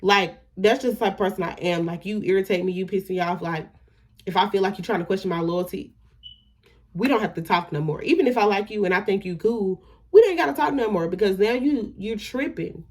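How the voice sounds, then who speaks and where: A woman's voice: medium pitch, fairly quick, a little mellow. Young woman ranting through a storytime. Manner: indignant, emphatic, profane, trails off into "da, da, da". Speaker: storytime vlogger. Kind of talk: casual storytime vlog.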